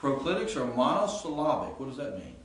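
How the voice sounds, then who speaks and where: The instructor's mid-range voice has a sing-song quality as he briskly covers Greek grammar rules and asks his students questions, filling gaps frequently. Slight background noise and an echoey room come through the distant mic.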